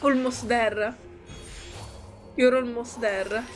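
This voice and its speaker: This woman speaks slowly in a somewhat high voice. She streams a game, reads its lines aloud and reacts with a lot of emotion and swearing. Faint game music plays behind her. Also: steady tone. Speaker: gaming streamer.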